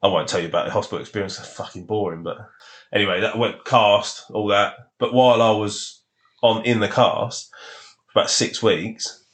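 A man, a guest on a podcast, telling lively stories from his past. He swears freely and laughs as he talks. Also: on the low side, normal speed. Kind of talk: casual storytelling.

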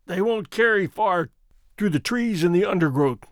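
A man voicing a stern male landowner trapped in a forest, speaking in an earnest, measured way for a storytelling podcast. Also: high-pitched, animated, dry recording, clean studio sound. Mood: grim.

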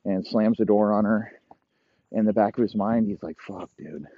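A young man hosting a comedy podcast, rambling through a crude, profane made-up story and dropping into low mock voices for the characters. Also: little pitch movement, moderate pace, no echo. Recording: dry, muffled lo-fi audio.

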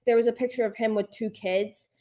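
A young woman chatting casually as a hockey fan, telling animated stories and acting out what she said. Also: on the high side, a little fast. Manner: animated storytelling, acts out her own quotes. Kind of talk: casual chat.

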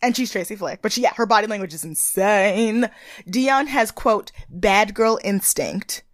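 A woman co-hosting a casual podcast chat, animated and playful, with a voice that cracks at times. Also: medium pitch, a little slow, no echo, studio quality. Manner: chatty, animated, playful impressions of people. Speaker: podcast co-host. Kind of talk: casual chat recapping a reality show.

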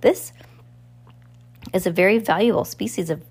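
A woman's voice: mid-range voice, moderate pace, a little mellow, husky. A woman voicing a clever, anxious teenage girl in a storybook reading, speaking urgently. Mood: explaining. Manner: urgent, cries out.

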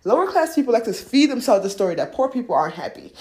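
A woman's voice: fairly high pitch, sing-song, quick pace, few pauses, darkish tone, echoey room. A woman hosting a podcast in casual spiritual talk about money, slangy and profane, laughing often and acting out voices. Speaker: podcast host.

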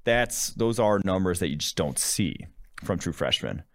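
A man co-hosting a sports podcast as a draft analyst, relaxed, thinking aloud in casual chat. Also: deep voice, moderate pace, dry recording.

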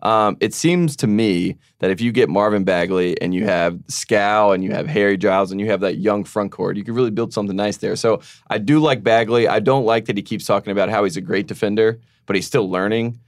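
A man talking fast and with firm opinions as a guest on a casual sports podcast. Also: lowish voice, no echo, studio quality.

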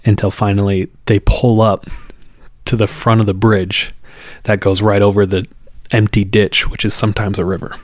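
Low-voiced man telling a spooky story. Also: no room sound, clean studio sound. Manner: builds suspense, acts out quoted voices. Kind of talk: casual storytelling.

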